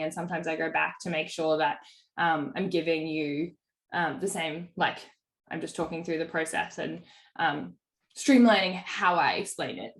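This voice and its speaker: A woman's voice: fairly low pitch, echoey room. A woman business coach talking through a sales call in a casual, chatty way, full of fillers. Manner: chatty, filler-heavy, acts out client quotes.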